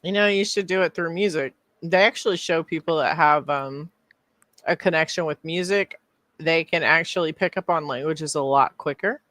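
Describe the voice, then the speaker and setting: Woman podcast co-host, casual chat, teasing, lowish voice, dry close sound. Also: normal speed, fairly bright tone, no room sound. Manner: chatty and teasing, laughs easily.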